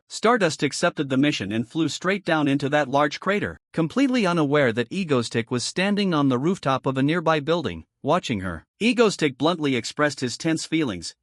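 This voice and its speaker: A man with a fairly high voice tells a comic recap as scripted story narration. He keeps an even, steady pace throughout. The sound is close and dry, with no room around it. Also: normal speed, hardly any pauses, dry recording.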